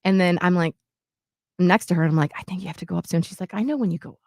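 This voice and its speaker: A woman's voice: on the low side, racing, no room sound, clean studio sound. A woman co-hosting a show, telling a personal story in casual chat and acting out what others said. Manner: animated, acts out quotes with shifts in loudness. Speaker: podcast co-host.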